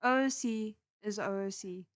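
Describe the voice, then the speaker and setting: A woman reading the lines of a strict system voice that announces rule violations and point deductions in a flat, announcing tone. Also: medium pitch, measured pace, no room sound, clean studio sound, natural voice. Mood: stern. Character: stern rule-enforcing system voice, genderless machine.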